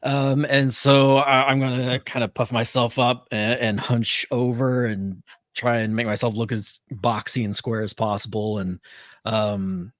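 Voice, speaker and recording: A man's voice: mid-range voice, level tone, unhurried, a bit bright, no room sound. A man playing a tabletop game, describing his moves hesitantly while thinking aloud. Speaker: player. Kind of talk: casual game talk.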